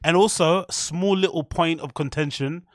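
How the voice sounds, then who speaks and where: A British man running a livestream, reacting on the fly in a blunt, rambling way with plenty of swearing. His voice sits a bit high for a man. The sound is dry and close, with no room around it. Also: normal speed, no room sound. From United Kingdom. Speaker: livestream host.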